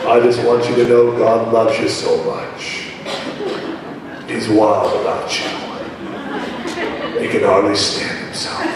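A preacher mocking a stoic, monotone churchgoer. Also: male voice, fairly low pitch, slow pace, pauses often, background noise, pitched below the performer's own voice. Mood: flat solemn. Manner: flat, subdued, monotone piety. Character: stoic, flat, pious churchgoer man. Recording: echoey hall from far off.

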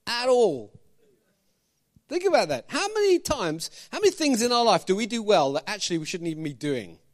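A man preaching a sermon as pastor, animated, firing questions at the congregation with jokey asides. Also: high-pitched.

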